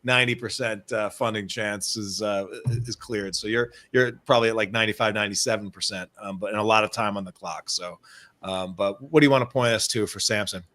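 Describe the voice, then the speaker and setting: A man's voice: lowish voice, a little fast. Male host, casual stream chat, easygoing. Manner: relaxed, filler-heavy, friendly wrap-up. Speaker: livestream host. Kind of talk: livestream chat.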